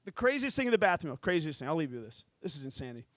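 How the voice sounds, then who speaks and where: A man performing stand-up comedy, telling stories in an animated, profane way. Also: a little high, racing, dry recording.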